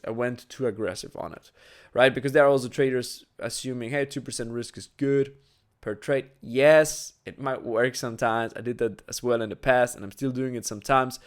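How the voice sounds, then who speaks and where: A man who teaches trading chats to the camera in a mid-pitched voice, explaining things casually. He leans on fillers and repeatedly checks in with "right?"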